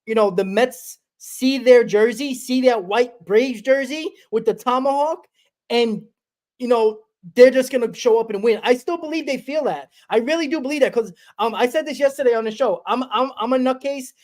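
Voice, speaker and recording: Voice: mid-range voice, normal speed, darkish tone. A sports talk host chatting casually, often restarting and repeating phrases. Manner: rambling, repeats himself. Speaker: podcast host.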